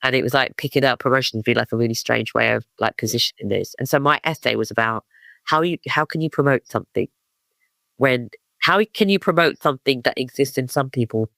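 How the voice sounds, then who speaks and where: A man's voice: mid-range voice, brisk, gravelly, pushed and bright, no room sound. A man in his fifties from East London with a London accent, telling rambling stories as a guest, full of fillers and restarts. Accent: London English. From East London, England. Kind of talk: casual storytelling interview.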